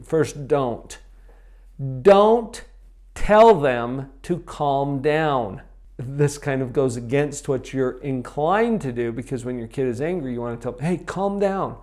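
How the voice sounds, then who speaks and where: A middle-aged man giving a parenting lesson, emphatic, slowing down to stress key phrases. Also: medium pitch, a little mellow. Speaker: parenting coach. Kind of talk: instructional talk to camera.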